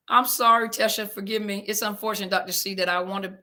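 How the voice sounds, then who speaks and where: A woman's voice: medium pitch, a little fast, sharp tone. A woman therapist hosting a live audio chat, answering listener comments and apologizing often after technical slips. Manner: apologetic, flustered, Southern-flavored casual speech. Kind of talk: casual live-stream chat, reading comments.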